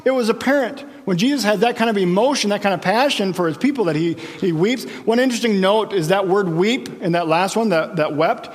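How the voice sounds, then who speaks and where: A man's voice: high voice, a little fast, hardly any pauses, in a large hall. A man preaching a sermon as pastor, explaining scripture in a conversational way and checking in with his listeners.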